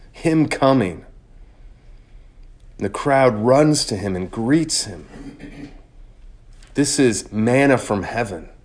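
A man preaching a sermon in an earnest, measured way, slowing down on key phrases. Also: medium pitch.

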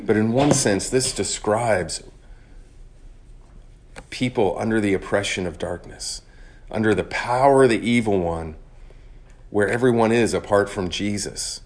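Guy preaching, lowish voice, earnest and slow on the big lines. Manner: earnest, measured preaching with slowed emphatic phrases. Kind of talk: sermon.

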